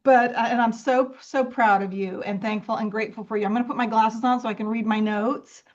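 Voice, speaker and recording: A woman with a fairly high voice hosts an interview show and heaps warm praise on her guest. Her audio sounds dull and lo-fi, with the top end cut off. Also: fairly even intonation, fairly quick. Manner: effusive, gushing praise. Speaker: host. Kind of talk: interview host chat.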